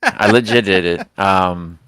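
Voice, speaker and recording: A man's voice: low-pitched, takes it slowly, a bit bright, clear, resonant tone, no room sound. A man playing in a tabletop role-playing game, talking in a laid-back, joking way.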